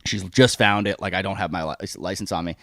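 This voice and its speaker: A man's voice: low-pitched, fast, vocal fry, no echo, studio quality. A young man chatting on a podcast, telling stories and acting out the people in them. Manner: animated storyteller, acts out quotes. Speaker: podcast co-host. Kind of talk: casual chat.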